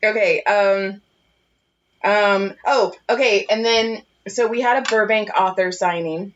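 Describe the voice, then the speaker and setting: Woman podcast co-host, chatty storyteller, profane and animated, mid-pitched, muffled lo-fi audio. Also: takes it slowly, slight background noise. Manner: animated, profane, laughs at her own stories. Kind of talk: casual storytelling chat.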